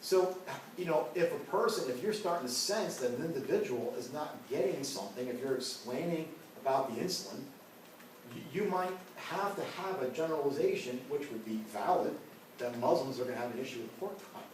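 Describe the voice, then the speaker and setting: A man's voice: mid-range voice, animated, a little fast. A man teaching an ethics class, talking casually with personal stories and lots of "you know" and "right?". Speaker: ethics instructor. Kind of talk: classroom lecture with personal anecdotes. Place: lecture room. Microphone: distant room mic. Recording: very echoey room, voice far from mic, faint hiss.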